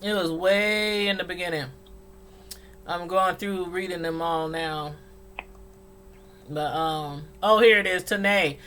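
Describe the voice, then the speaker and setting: A woman's voice: lowish voice, takes it slowly, pauses often, fairly bright tone, slight background noise. A middle-aged woman hosting a casual call-in livestream, laughing often and reading chat comments aloud. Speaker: livestream host.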